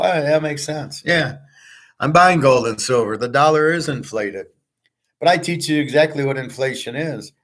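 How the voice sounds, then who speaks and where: A middle-aged man hosting his own show, talking casually in a blunt, digressive way and swearing often. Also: medium pitch. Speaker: host. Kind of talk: casual rambling talk.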